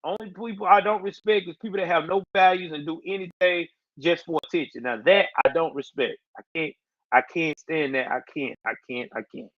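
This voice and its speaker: A man's voice: a little high, brisk, dry recording, muffled recording. A man hosting a casual livestream, talking in loose slang and answering his viewers' chat. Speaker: livestream host.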